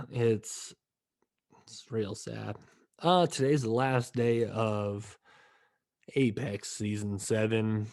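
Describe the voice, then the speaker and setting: A young man hosting his own podcast, rambling with fillers and restarts, tired and yawning, swinging between mournful mumbling and loud outbursts. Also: mid-range voice. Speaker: podcast host. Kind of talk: casual solo podcast rant.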